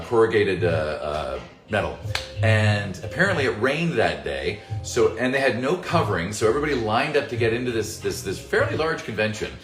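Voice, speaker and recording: A man's voice: lowish voice, a bit bright. A man who voices characters, answering fan questions in a casual livestream Q&A. He jokes, swears casually and reads the chat aloud. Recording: roomy echo with faint music.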